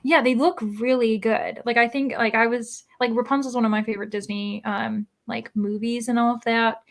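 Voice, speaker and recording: A woman's voice: on the high side, flat delivery, moderate pace, creaky. A young woman hosting a reading livestream, chatting casually and reading out chat messages with many likes and ums. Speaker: host of a livestreamed reading sprint.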